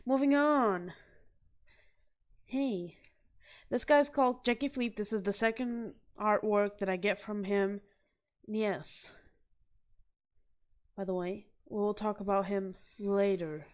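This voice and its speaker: Young adult woman, slow-talking vlogger, casual, rambling, self-deprecating. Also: mid-range voice. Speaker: vlogger showing art. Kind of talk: casual chat to camera.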